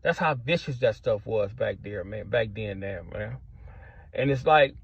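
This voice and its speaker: A man's voice: fairly low pitch, unhurried, vocal fry, slightly rough, no room sound. A middle-aged man telling a story in casual street slang, filling his talk with "man" and "bro". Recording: dull lo-fi sound, dry.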